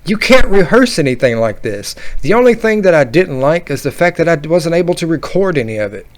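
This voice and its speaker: A man tells a story casually and with animation, circling back and restarting his sentences. His speaking voice sits a bit higher than most men's. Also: fairly quick. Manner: rambling, animated, laughing at his own story. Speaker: vlogger.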